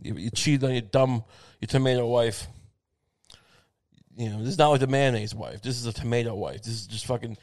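A man's voice: mid-range voice, brisk, a little mellow. A man hosting a talk show, delivering a profane, sardonic comedic monologue that rambles and restarts itself.

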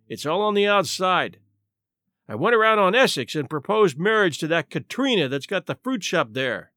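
A man doing a gruff, brash ex-police captain. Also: sits high, pushed and bright, no room sound, studio quality, full character voice. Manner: blunt, brash, harsh.

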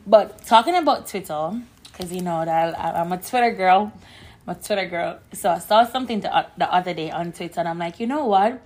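A woman co-hosting a podcast in casual chat, her voice hoarse from shouting, telling stories with lots of fillers. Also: on the low side, brisk. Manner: chatty, animated storyteller with frequent fillers. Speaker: podcast co-host.

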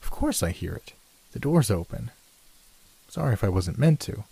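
A man voicing a blunt, jokey young male student who talks briskly and impatiently. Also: medium pitch, big pitch swings, creaky, dark tone, breathy edge, dry recording, pitched above the performer's own voice, full character voice. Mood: brusque.

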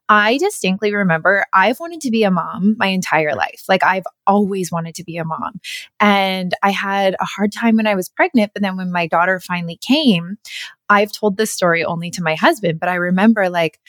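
Woman podcast host, mid pitch, engaged and empathetic, dry close mic. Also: normal speed, a bit bright, dry recording. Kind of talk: casual conversation.

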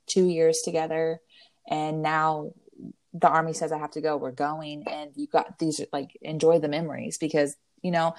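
Lowish-voiced woman chatting. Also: a little mellow, no room sound. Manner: emotional storytelling, Southern "y'all", acts out quotes. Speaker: podcast co-host. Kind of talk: casual chat.

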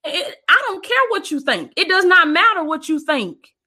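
A woman's voice: very high voice, big pitch swings, normal speed, pushed and bright. A woman preacher giving an emphatic, repetitive livestream sermon, calling her listeners "baby" and thanking viewers between points.

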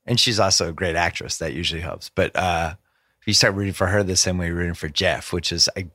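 A man hosting a podcast, chatting casually in animated, long run-on thoughts. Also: deep voice, fast, dry recording, clean studio sound. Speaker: podcast host. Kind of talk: casual interview chat.

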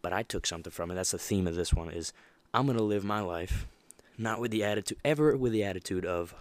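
Young male podcast host, low voice, animated motivational monologue, dry close recording. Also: quick pace, no echo. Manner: animated, emphatic, laughs often.

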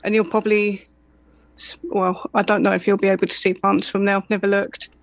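A guest chats at a middling pitch. They talk hesitantly, with fillers and wry self-deprecation. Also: flat delivery, a little fast, vocal fry, no echo, rough recording. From Essex, England. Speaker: guest, painter. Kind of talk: casual conversation.

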